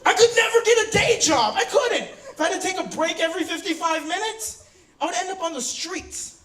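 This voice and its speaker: A young man doing a stand-up set in a university theater, brash and swearing, with sudden loud outbursts. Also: very high voice, expressive, fairly quick. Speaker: stand-up comedian. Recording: roomy theater, distant mic, audience laughter.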